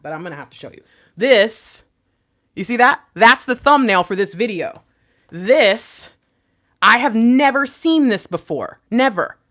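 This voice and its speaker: A woman hosting her own channel, giving an excited, casual tarot reading, bursting into laughter and then dropping to mutters. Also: mid-range voice. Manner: excitable, swings from loud laughing outbursts to muttering. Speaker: intuitive tarot reader and channel host.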